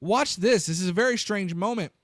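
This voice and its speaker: A man hosting a live political commentary stream, animated and incredulous, talking straight to his viewers. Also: sits high, fairly quick, no echo, studio quality.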